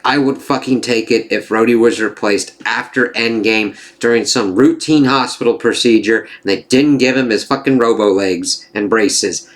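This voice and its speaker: A man of middling pitch reviews a TV series in a heated, exasperated rant. He swears freely and talks bluntly. Now and then he drops into mocking voices when he quotes the characters. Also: a bit bright. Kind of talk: opinionated spoken review rant.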